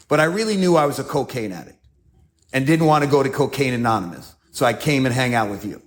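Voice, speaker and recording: A man's voice: medium pitch, lively intonation, quick pace. A man with a New York accent telling his story as a speaker at a recovery meeting, acting out scenes with self-mocking humor.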